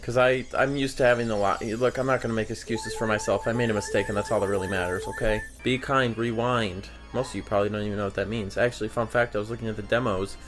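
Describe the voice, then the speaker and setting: A man's voice: lowish voice, fairly even intonation, quick pace, few pauses, over music. A young man hosting a gaming video, talking over his play in a dry, rambling way with offhand jokes. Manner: dry, rambling, jokey asides. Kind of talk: deadpan gameplay commentary.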